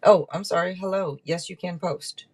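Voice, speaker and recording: A woman's voice: on the low side, moderate pace, a little mellow, breathy edge. A woman hosting a live tarot stream, chatting casually and rambling through card meanings. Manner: chatty and rambling, with many restarts.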